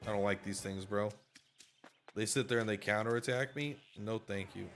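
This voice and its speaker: A man's voice: lowish voice, fairly even intonation, moderate pace, a bit bright, faint music behind. Tired, rambling male game streamer. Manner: rambling, jokey, reads game lines aloud. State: tired, yawning. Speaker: gaming streamer. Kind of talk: casual let's-play commentary.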